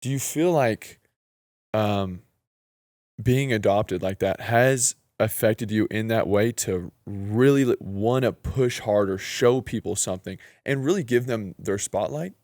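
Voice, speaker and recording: A male podcast host eases into a sensitive question gently and tentatively. His voice is low and sounds close and dry. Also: unhurried, dry recording. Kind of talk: interview questions.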